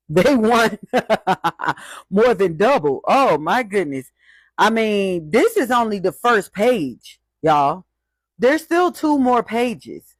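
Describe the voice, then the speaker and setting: Slow, mocking voice reading out statistics. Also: medium pitch, no echo. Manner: mocking, reacts to each figure. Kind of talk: casual commentary reading out statistics.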